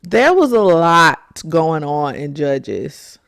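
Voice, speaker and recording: Gravelly low-voiced woman preaching. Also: slow pace, no echo, studio quality. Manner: animated, emphatic storytelling with acted-out quotes. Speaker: podcast host. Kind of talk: faith talk monologue.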